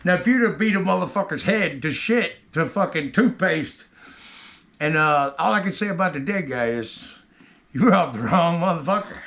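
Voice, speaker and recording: A man telling a rough story from his own past in casual, rambling talk, heavy with cursing. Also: fairly high pitch, lively intonation, normal speed, fairly bright tone.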